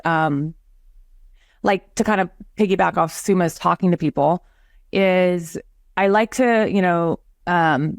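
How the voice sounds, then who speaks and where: A woman's voice: fairly low pitch, no echo, studio quality. A woman who works as a real estate agent and hosts a show, chatting casually and telling stories with acted-out quotes. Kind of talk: casual livestream chat.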